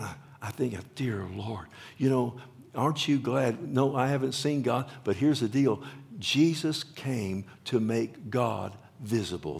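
A man preaching a sermon with passion, swinging from loud exclamations to hushed, whispered lines. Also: fairly low pitch, creaky. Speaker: pastor.

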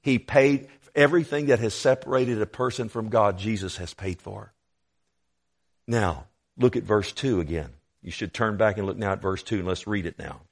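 A male preacher delivering a verse-by-verse sermon. He speaks straight to his listeners, and his voice swells into loud, emphatic exhortation. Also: lowish voice, a little slow. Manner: addresses listeners directly. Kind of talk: expository sermon.

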